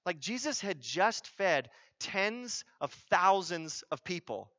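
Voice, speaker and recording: A man preaching a sermon as pastor, emphatic, asking rhetorical questions and repeating key phrases, swinging from loud urgency to a low hush. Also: big pitch swings, slow, highs cut off.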